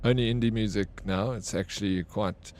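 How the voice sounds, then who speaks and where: A young man plays a video game on stream, joking and bantering with his chat and swearing freely. His lowish, darkish voice keeps fairly even intonation at normal speed.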